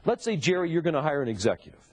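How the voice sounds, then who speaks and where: A sales trainer with a fairly high, sing-song voice races through a seminar lecture on real estate sales, often tossing rhetorical questions to the live audience and repeating key points.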